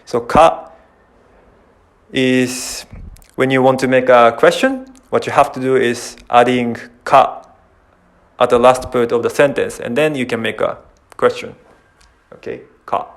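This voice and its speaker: A man's voice: medium pitch, steady tone, measured pace, long pauses. A man with a Japanese accent, teaching a casual online language lesson and repeating example phrases as he explains. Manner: repeats phrases, restarts sentences while explaining.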